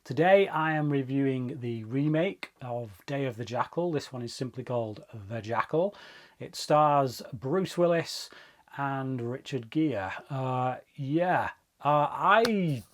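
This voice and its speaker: A man talks through a film review to camera at a mid, everyday pitch. He is chatty and rambling, often circling back to restart a thought before pressing on. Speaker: movie review vlogger. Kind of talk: casual spoken film review.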